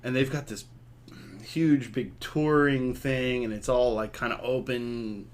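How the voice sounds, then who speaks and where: A man's voice: medium pitch, fairly even intonation, unhurried. A man from Texas, co-hosting a podcast, telling rambling stories in casual chat with many restarts and laughs. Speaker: podcast co-host.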